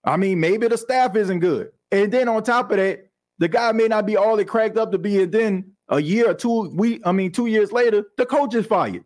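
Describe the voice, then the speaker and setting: A man hosting a podcast, talking sports in an animated, conversational way with plenty of slang. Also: high-pitched, moderate pace. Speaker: podcast host. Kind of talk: casual sports talk.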